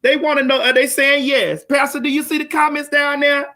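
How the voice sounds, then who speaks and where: A woman hosting a live virtual show, loud and brash, cussing freely and hyping her audience. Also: high voice, steady tone, a little fast. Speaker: show host. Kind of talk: profane live-stream chat. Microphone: video call.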